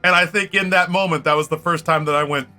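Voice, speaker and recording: A man with a bright, fairly high voice spins a rowdy tale while streaming a game. He swears freely and breaks into laughs. Faint music plays behind him. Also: fairly even intonation, fast. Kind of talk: casual storytelling during a game stream.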